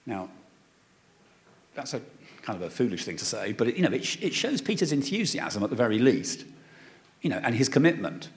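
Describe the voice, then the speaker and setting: A man's voice: medium pitch, creaky. A man preaching a sermon in a conversational way, reading scripture and explaining it with frequent fillers and restarts. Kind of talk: sermon, Bible teaching.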